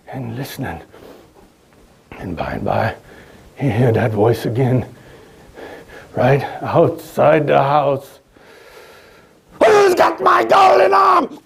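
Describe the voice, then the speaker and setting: A man telling a ghost tale in folksy dialect on stage, with dramatic pauses and swings from a hush to near shouting. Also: medium pitch, vocal fry, a little hiss or hum. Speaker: storyteller performing as a 19th-century author. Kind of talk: theatrical one-man stage storytelling.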